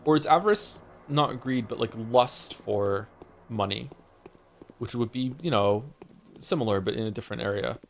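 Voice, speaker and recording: A man's voice: mid-range voice, normal speed, gravelly, slight background noise. Rambling male game streamer. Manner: rambling, hesitant, with many fillers and restarts; swears casually when reacting to the game. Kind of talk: casual let's-play commentary.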